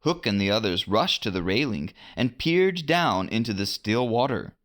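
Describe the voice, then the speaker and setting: A man narrating a storybook adventure in an expressive read-aloud manner. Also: fairly low pitch. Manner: expressive, unhurried.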